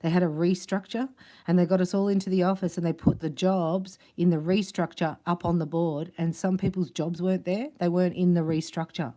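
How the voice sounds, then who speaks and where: A woman giving a casual spiritual tarot reading, chatty and quick to laugh. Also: on the low side, steady tone, mellow. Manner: chatty, laughs often, acts out other voices. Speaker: tarot reader.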